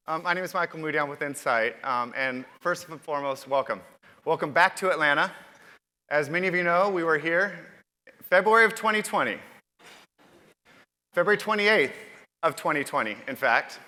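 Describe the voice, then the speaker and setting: A man's voice: sits high, bright, forceful tone. A man hosting a conference keynote, talking straight to the audience and tossing them questions. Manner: upbeat, addresses the audience directly with questions. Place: large conference hall. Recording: reverberant hall with long echo.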